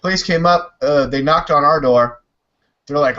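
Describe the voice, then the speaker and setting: A man hosting a casual online talk show, telling stories with a loose, animated delivery and swearing freely. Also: medium pitch, normal speed, muffled recording. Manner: animated storyteller, swears, mimics others. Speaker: podcast host. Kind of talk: casual chat.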